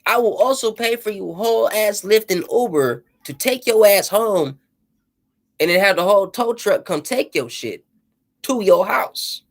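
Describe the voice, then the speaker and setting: A man's voice: high-pitched, animated, measured pace. A man delivering an impassioned, profane rant with a preachy edge, often repeating "you know what I'm saying.".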